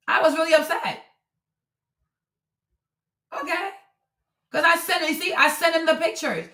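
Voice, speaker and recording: A woman's voice: high-pitched, bright, forceful tone. A woman hosting a casual livestream, talking indignantly and reading her own messages aloud with heavy emphasis. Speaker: livestream host. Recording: roomy echo.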